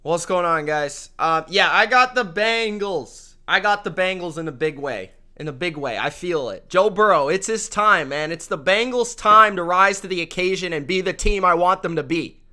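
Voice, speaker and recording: A young man hosting a casual sports picks show, excitable and repeating himself for emphasis. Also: high-pitched, normal speed, few pauses. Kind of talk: casual sports prediction talk.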